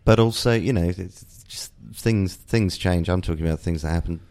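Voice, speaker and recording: A middle-aged man with a very low, deep voice talks candidly as a guest. He thinks aloud, circling back and restarting phrases as he searches for the right words. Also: normal speed, darkish tone. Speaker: guest, father and TV writer. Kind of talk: candid conversational interview.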